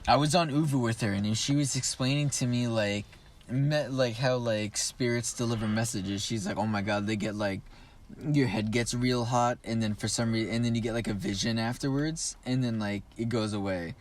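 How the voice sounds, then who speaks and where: A man's voice: medium pitch, fairly even intonation, normal speed, slight background noise. Young adult male co-host, loose rambling storyteller, filler-heavy, profane. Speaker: podcast co-host. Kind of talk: casual storytelling among friends.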